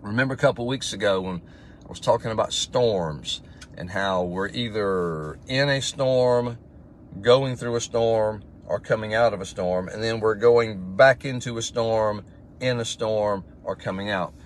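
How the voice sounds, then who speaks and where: A man's voice: lowish voice, a little slow, a little hiss or hum. A man, a pastor, reading Bible verses with rising emphasis and then talking about them informally. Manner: reads scripture aloud with rising emphasis, then chats informally; conversational, with fillers and restarts. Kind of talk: devotional Bible teaching.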